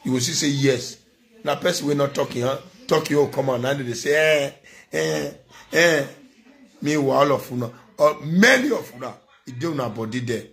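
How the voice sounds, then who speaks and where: A man with a Nigerian accent delivers a preachy vlog rant. He scolds and lectures, repeating words again and again to drive each point home. His voice sits at an ordinary, middle pitch. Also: animated, fairly quick, a bit bright. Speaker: commentator. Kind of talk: ranting vlog commentary.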